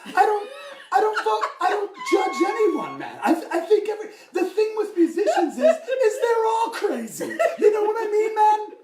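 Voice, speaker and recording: A man doing a high laid-back dude who calls everyone man. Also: wildly swooping pitch, normal speed, darkish tone, slight background noise, full character voice. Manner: drawling, every phrase ends in "man", laughing through it. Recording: roomy, distant mic.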